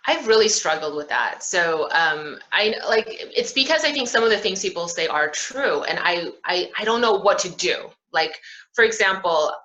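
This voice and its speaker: A woman's voice: on the low side, animated, moderate pace, pushed and bright, reverberant, highs cut off. A woman guest in a casual video chat, speaking thoughtfully with hesitant restarts.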